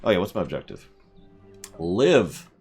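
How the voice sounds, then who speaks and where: Low, gravelly-voiced man streaming a game. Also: sing-song, a little fast, soft background music. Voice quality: rambling, self-deprecating. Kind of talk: casual let's-play commentary.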